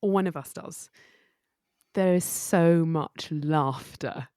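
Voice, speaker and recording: A woman's voice: low voice, slow, mellow, smooth, no echo, clean studio sound. A woman co-hosting a podcast in casual chat, teasing and affectionate, laughing often. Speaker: podcast co-host and editor.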